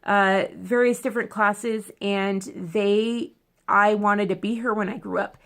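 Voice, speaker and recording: Chatty woman vlogger with a gravelly voice. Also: medium pitch, unhurried. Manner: rambling and chatty, full of tangents and self-corrections; emotional and expressive. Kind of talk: casual chat to camera.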